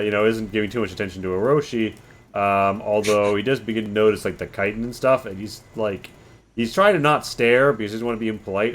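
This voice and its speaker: A man's voice: on the low side, a little hiss or hum. Laid-back male game master. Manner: relaxed, rambling with fillers. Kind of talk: narrating a tabletop game.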